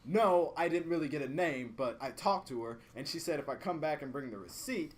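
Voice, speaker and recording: A young man, podcast co-host, telling a work story in a casual, profane, animated way and acting out both sides. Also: on the high side, a little fast.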